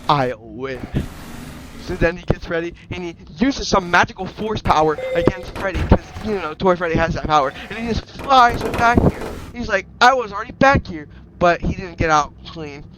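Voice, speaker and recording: A man narrating an improvised toy story in a rambling, excited way, restarting sentences and jumping into silly voices. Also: high voice, normal speed, few pauses. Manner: breaks into loud silly character voices. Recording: noisy home recording with clicks.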